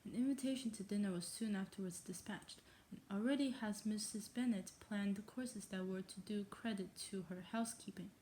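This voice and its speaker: With a mid-range, mellow voice, she reads brisk and nearly pause-free through a novel, faking an English accent. She often trips on words and breaks off to poke fun at herself, over a little hiss or hum.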